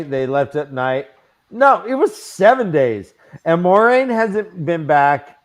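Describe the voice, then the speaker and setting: A man talking slowly and unhurriedly as he hosts a casual book podcast. His voice sits a little high and swings widely in pitch. He reads passages aloud with playful mock voices and laughs often. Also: sing-song. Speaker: podcast host.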